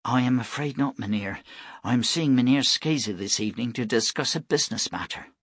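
A man reading aloud voices a blunt, firm young widow in a raised, brisk tone. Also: medium pitch, fairly bright tone, slightly rough, no room sound, clean studio sound.

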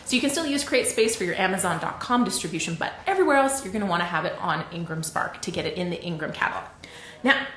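A woman's voice: on the low side, quick pace, slight background noise. Chatty Canadian woman in an echoey room. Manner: chatty and animated, laughs often. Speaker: livestream host. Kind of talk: casual livestream teaching.

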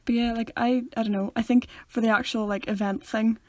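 A woman's voice: on the high side, fairly even intonation, a little fast, a little mellow, no echo. A young woman with a Northern Irish accent, co-hosting a podcast in playful casual chat. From Northern Ireland. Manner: playful, laughs often. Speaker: podcast co-host.

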